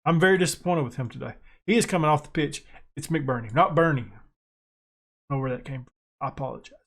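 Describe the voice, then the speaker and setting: American guy, gaming commentary, excitable, self-mocking, a bit high-voiced. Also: fast talker. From United States. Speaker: gaming YouTuber. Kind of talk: casual gameplay commentary.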